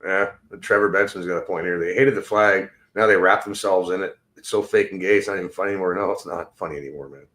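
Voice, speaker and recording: Low-voiced Canadian man ranting profanely. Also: fairly even intonation, fast talker, hardly any pauses, a bit bright. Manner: heated, swearing often, mocks others in quoted voices. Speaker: podcast host. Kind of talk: profane livestream rant, reading chat.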